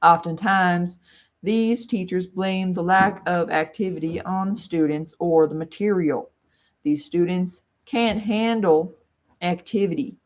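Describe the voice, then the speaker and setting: A woman reading a textbook aloud while she studies, dramatic and playful, with quick joking asides. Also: fairly low pitch. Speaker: vlogger.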